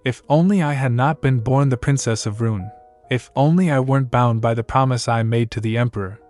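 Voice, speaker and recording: A man's voice: mid-range voice, brisk, darkish tone, faint music behind, natural voice. A man reading the lines of a fearful, sorrowful young princess in his own plain voice.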